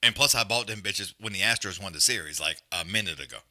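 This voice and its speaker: A man's voice: sits low, fast talker. A man hosting a live fight stream, trash-talking in profane casual banter and calling the action. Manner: loud, profane, animated trash talk. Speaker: livestream host.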